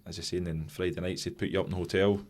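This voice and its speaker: Deep-voiced Scottish man telling stories. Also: level tone, rapid-fire, darkish tone. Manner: storytelling, laughs a lot, swears freely. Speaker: podcast guest, former goalkeeper. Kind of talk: casual chat.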